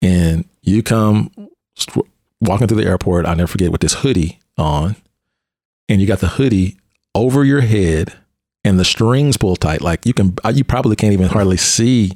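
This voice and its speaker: A man hosting a conversation, a police officer and mentor telling a story in an animated way and often restarting his phrases. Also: sits low, normal speed, no echo, studio quality.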